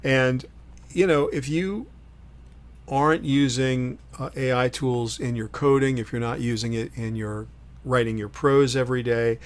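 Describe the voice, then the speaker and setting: A middle-aged man hosting a solo livestream, talking in an opinionated, emphatic way, swinging between loud punchy lines and quiet asides. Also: mid-range voice, steady tone, measured pace. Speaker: host.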